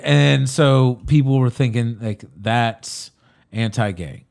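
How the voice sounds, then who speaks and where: A man's voice: medium pitch, slow, gravelly, a little mellow. A man co-hosting a casual podcast, giving his opinions in a rambling way, often repeating himself. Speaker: podcast co-host.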